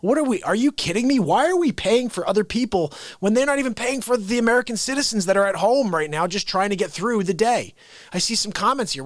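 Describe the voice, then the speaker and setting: A man's voice: sits high, no room sound, studio quality. A man hosting a live show, delivering an exasperated satirical comedy rant. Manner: exasperated ranting.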